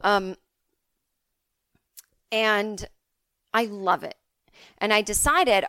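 A woman's voice: mid-range voice, measured pace, long pauses, fairly bright tone, smooth, no echo. Chatty woman with a dry, close sound. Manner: rambling, chatty, self-deprecating. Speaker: podcast host. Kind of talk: casual comedic monologue.

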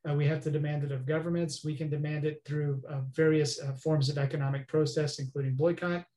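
Guy explaining stuff earnestly, kinda high voice, echoey room. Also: little pitch movement, fairly quick, mellow. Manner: earnest, explanatory, often asks "right?". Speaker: guest expert. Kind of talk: interview conversation. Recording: roomy echo.

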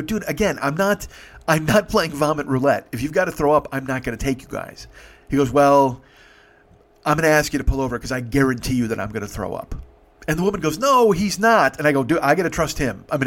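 Fast-talking man telling a story. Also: fairly high pitch. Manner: profane, conversational, acts out both sides of dialogue. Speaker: rideshare driver telling stories. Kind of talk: casual storytelling monologue.

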